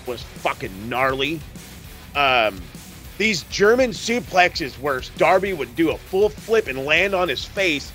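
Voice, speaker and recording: A man's voice: mid-range voice, bright, forceful tone. A man hosting a podcast, recapping wrestling in casual, profane, rambling chat. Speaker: podcast host.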